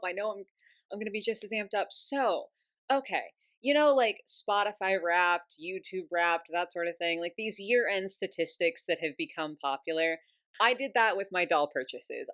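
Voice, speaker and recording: A woman vlogger chatting casually to camera about her hobby, giddy and breathless with excitement and breaking into giggles. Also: fairly low pitch. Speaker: doll collector vlogger.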